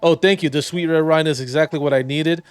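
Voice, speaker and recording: A man's voice: a little high, fairly even intonation, quick pace, clean tone, soft background music, pitched above the performer's own voice, lightly acted. A man reading out the lines of a flirtatious, tipsy woman teasing a priest in a game. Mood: flirty teasing. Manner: reads game subtitles aloud, teasing.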